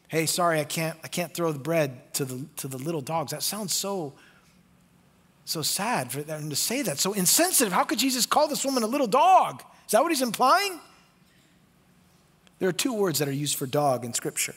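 A man preaching a sermon as pastor, passionate, moving from loud pleading to hushed tones and acting out quoted voices. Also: a little high, animated, normal speed, breathy edge, big-room sound. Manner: acts out quoted voices in conversational asides. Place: church sanctuary.

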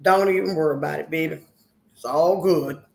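A woman's voice: sits low, fairly quick, creaky, a little mellow. A woman in her sixties chatting live with her viewers, brash, profane and teasing as she scolds them. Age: 60s. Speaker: livestreamer. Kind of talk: casual live-stream chat with viewers. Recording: roomy echo.

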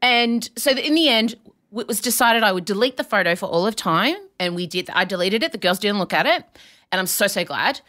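An Australian woman in her forties, co-hosting a podcast and telling a story with lively acted-out voices in casual chat. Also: medium pitch, fairly quick. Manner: animated storyteller, acts out voices. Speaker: podcast co-host.

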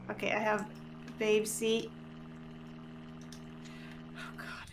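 A woman's voice: medium pitch, huge pitch swings, slow, noisy background. Flustered woman chasing animals in a game. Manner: flustered, exclaiming often. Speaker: gamer. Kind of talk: casual co-op gameplay chat.

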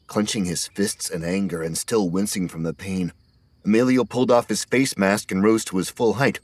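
A man narrating an audiobook horror story in a steady scripted reading. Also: lowish voice, normal speed, no room sound.

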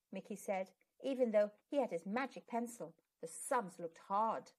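A woman hosting a children's channel, reading a picture book aloud in an expressive, sing-song way. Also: a little high, moderate pace. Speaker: channel host and storyteller.

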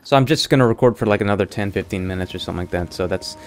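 A young man giving lively let's-play commentary, exclaiming and laughing often as he plays a shooter game. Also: on the low side, racing, a little hiss or hum. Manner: excitable, frequent exclamations and laughs. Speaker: gamer. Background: game music and gunfire.

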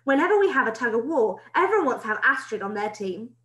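A woman reading a storybook aloud, voicing a flustered young schoolboy in a softer, lower voice. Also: very animated, fast talker. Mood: protesting. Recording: roomy echo.

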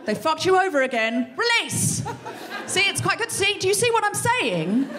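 A woman hosting a live comedy podcast, delivering a profane, animated stand-up monologue on stage. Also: high-pitched. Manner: profane, animated, acts out scenes. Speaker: podcast host. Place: live show on stage before an audience.

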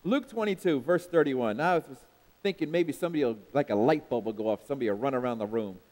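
In a church sanctuary, a pastor preaches with emphatic, repeated refrains and calls out to the congregation for responses. He talks fast in a mid-range, slightly mellow voice, with long hall reverb from the church on the recording.

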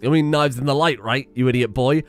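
A young man commenting on a strategy game he is playing, reading the game's text aloud with excitable, wry asides. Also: medium pitch, brisk, faint music behind. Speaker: gaming video host. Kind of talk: let's play commentary.

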